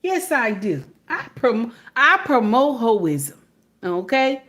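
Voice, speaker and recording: A woman's voice: a little high, big pitch swings, slow, fairly bright tone. A woman giving emphatic, preachy casual commentary to her viewers, repeatedly checking in with "okay?".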